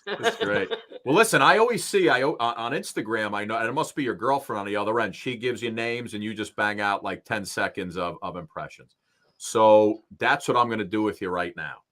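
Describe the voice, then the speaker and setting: A man co-hosting a talk show, energetic and quick to restart his sentences. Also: on the low side. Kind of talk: casual talk show interview.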